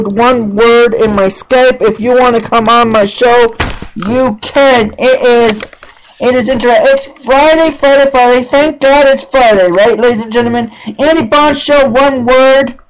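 A man from Wisconsin hosting a casual live internet radio show, excitable and stumbling over guests' names. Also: very high voice, low-quality recording. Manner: addresses audience as ladies and gentlemen.

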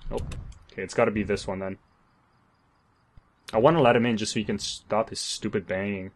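A man's voice: lowish voice, fairly even intonation, fairly quick. A man commentating his own zombie game playthrough, swearing, joking and talking to himself in exasperation. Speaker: gamer. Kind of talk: let's play commentary.

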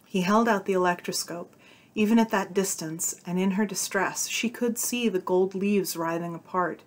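A woman with a mid-range voice reads a short story aloud at a moderate pace, audiobook-style. She gives the characters' dialogue its own tone, shifting her delivery for each.

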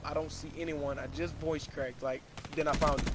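Young man, gaming commentary, rambling, earnest, somewhat high voice, loud gunfire and game noise behind. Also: little pitch movement, moderate pace. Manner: rambling, filler-heavy, earnest. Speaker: gaming YouTuber. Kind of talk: casual gameplay commentary. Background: gunfire and game sounds.

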